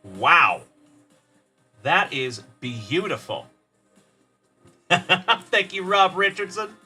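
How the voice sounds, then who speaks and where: The host of a card-breaking livestream keeps things upbeat and friendly, calling out chat members by name while opening packs. He speaks slowly in a high, sharp, sing-song voice, with faint music in the background.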